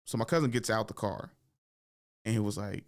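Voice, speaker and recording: A man's voice: fairly low pitch, brisk. A man, a stand-up comic hosting his show, telling childhood stories in slangy casual talk, laughing often and acting out voices. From San Francisco Bay Area. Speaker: stand-up comic and podcast host.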